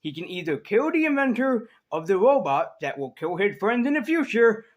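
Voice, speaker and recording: A man's voice: high-pitched, big pitch swings, moderate pace, dull audio. A man casually reviewing comic books in a rambling, sarcastic way, swearing freely.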